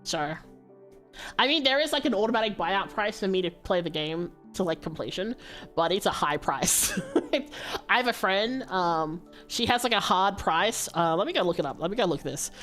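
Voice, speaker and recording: A woman with a low voice rambling casually to her viewers during a livestream, with fillers and laughs. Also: expressive, normal speed, a bit bright, soft background music. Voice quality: low-pitched voice.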